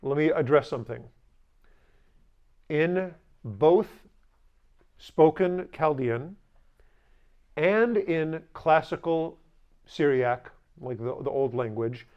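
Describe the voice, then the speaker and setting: A man with a slightly raised voice leads a language class, emphatic and patient as he drills pronunciation with repeat-after-me. He drops in dry humorous asides. The recording is muffled and lo-fi. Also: a little high. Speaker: language teacher.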